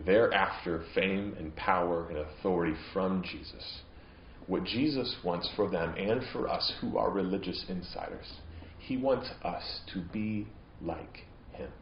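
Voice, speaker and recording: A man's voice: deep voice, unhurried, lo-fi sound, slight background noise. Preaching man in a roomy church. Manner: earnest preaching, voice rising into emphatic, impassioned stretches. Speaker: pastor. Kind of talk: sermon.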